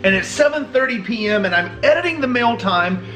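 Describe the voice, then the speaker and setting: High-voiced laid-back swearing young man. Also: expressive, a little fast, pushed and bright, faint music behind. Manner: laid-back, profane, rambling with many "like" fillers. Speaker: vlogger. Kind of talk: casual vlog chat. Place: outdoors, in his car and indoors at home. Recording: roomy camera audio.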